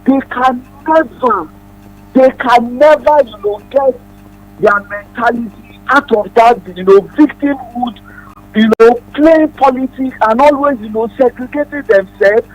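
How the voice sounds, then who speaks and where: Nigerian guy calling into the radio, high voice, lots of uh and you know, earnest. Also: measured pace, poor audio. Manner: earnest, hesitant, many fillers. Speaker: caller. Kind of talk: phone-in call on radio.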